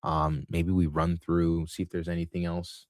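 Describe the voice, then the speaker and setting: A man's voice: deep voice, level tone, normal speed, dry recording, clean studio sound. A man hosting a casual market commentary livestream, thinking aloud with lots of fillers and restarts, and a touch of hiccups. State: has the hiccups. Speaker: livestream host.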